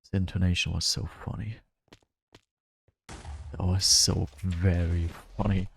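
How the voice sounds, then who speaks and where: A man's voice: deep voice, level tone, measured pace, gravelly, slightly rough. A male streamer chatting casually while playing a game, rambling and laughing often. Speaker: gaming streamer. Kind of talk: casual gameplay commentary.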